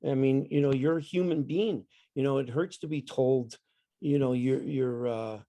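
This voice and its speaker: A man's voice: mid-range voice, normal speed, warm tone, no room sound. An older man, a retired coach, telling stories in a rambling casual chat, often repeating words. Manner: rambling, repeats words, acts out his dad in the story. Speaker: guest, retired basketball coach.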